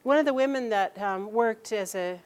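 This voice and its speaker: A woman telling a personal story aloud, halting and restarting sentences and acting out the people she quotes. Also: fairly high pitch, darkish tone, clean tone.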